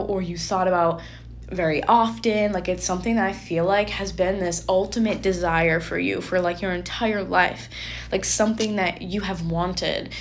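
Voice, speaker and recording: A young woman giving a casual spoken tarot reading, chatty and animated with lots of filler words. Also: lowish voice, noisy background. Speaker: tarot reader.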